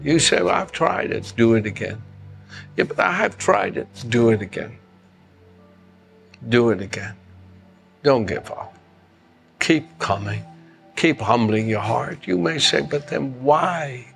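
A man's voice: mid-range voice, vocal fry, fairly bright tone. An older man preaching a sermon as pastor, impassioned and repeating phrases for emphasis.

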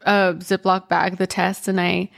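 A woman's voice: lowish voice, flat delivery, vocal fry. A woman hosting her own podcast, telling a personal story casually with lots of "like" and "um". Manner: chatty, full of "like" and "um" fillers, quick bursts and slow pauses. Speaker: podcast host.

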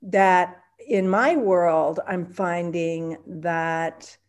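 A middle-aged woman with a lowish voice answers a podcast question. She is animated and reflective, and she laughs lightly between thoughts. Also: very slow. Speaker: podcast guest, permaculture teacher. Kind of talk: casual interview answer.

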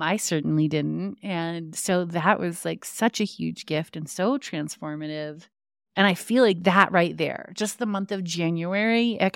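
A woman's voice: lowish voice, clean tone, no room sound, clean studio sound. A young woman hosting a podcast, telling a personal story in a casual, chatty way, with many fillers and restarts. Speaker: podcast host.

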